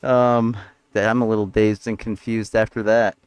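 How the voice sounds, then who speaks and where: A man's voice: lowish voice, level tone, moderate pace, smooth, low-quality recording. A man vlogging in a rambling, profane, sardonic rant. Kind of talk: rambling monologue to camera.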